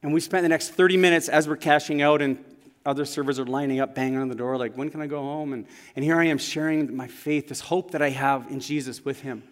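Speaking fast in a mid-range, steady voice, a male pastor delivers a sermon in a church sanctuary. He shares stories in an earnest, conversational manner, with long reverb from the large hall audible.

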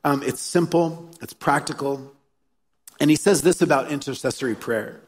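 Husky-voiced pastor preaching in a big hall. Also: male voice, on the high side, normal speed. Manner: earnest, storytelling, repeats key phrases. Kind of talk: sermon. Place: church hall. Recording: live sermon in a reverberant hall.

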